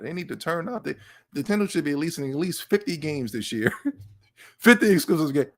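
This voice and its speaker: A man hosting a casual livestream podcast, excitable and stammering, talking to his live chat. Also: fairly high pitch, fairly quick, vocal fry. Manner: animated, excitable, repeats and stammers. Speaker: podcast host.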